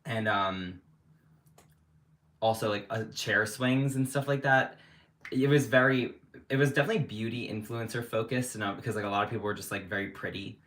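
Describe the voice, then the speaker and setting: A man's voice: fairly low pitch, fairly even intonation, moderate pace, fairly bright tone. A young man chatting casually on a livestream at home, rambling with lots of "like" fillers. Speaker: livestream host. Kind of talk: casual chat. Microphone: livestream setup.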